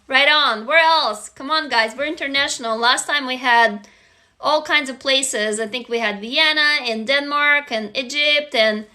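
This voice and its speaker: Talking into her phone on a relaxed livestream, this writing teacher from Russia is blunt and lively, cursing openly and calling out eager shout-outs to her audience. She speaks at a measured pace in a high-pitched voice.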